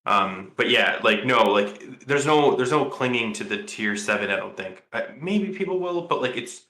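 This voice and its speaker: A man's voice: mid-range voice, expressive, moderate pace, sharp tone, roomy sound. A man co-hosting a casual podcast chat, rambling and thinking aloud with lots of fillers and restarts. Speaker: podcast co-host.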